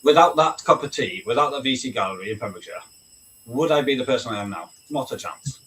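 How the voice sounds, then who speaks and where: A veteran guest who served in the British army talks fast and expressively in a medium, fairly bright voice during a casual video chat. He's blunt and candid, curses freely and keeps asking "right?" Faint noise comes through the distant mic.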